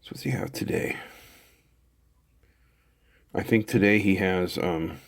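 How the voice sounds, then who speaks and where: A man's voice: low-pitched, takes it slowly. A middle-aged man casually talking through a kit build as he solders, chatty and thinking aloud. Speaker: electronics hobbyist host.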